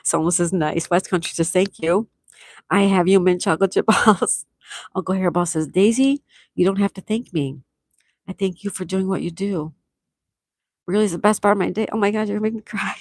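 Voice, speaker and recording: A middle-aged woman with a mid-range voice reads live chat aloud at normal speed, sounding affectionate and chatty and laughing a lot during her casual stream. Studio-quality sound with no room noise.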